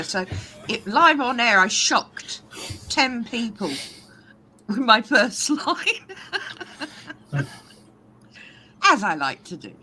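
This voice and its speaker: A woman's voice: medium pitch, pushed and bright, a little hiss or hum. A British woman chatting casually with friends, laughing and teasing as she talks. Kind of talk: casual group chat.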